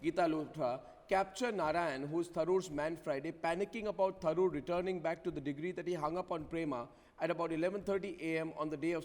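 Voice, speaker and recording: A man anchoring a heated TV news debate, hammering guests with rapid-fire rhetorical questions. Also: on the high side, in a large hall.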